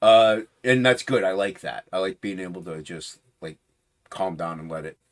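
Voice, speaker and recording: A man's voice: sits low, moderate pace. A man chatting casually as a guest on a livestream, rambling and restarting his sentences, often trailing off into a mumble. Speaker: guest comic creator.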